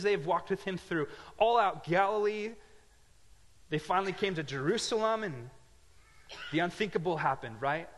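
A man preaching in a big, reverberant hall, his voice sitting a little high for a man. He tells the story with lively swings, dropping to quiet asides and then rising to loud, emphatic lines. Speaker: pastor. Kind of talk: sermon.

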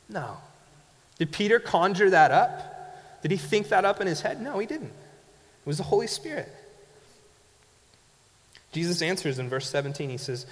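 A man preaching a sermon as a pastor, telling stories in a conversational way and asking rhetorical questions. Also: high voice. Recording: long hall reverb.

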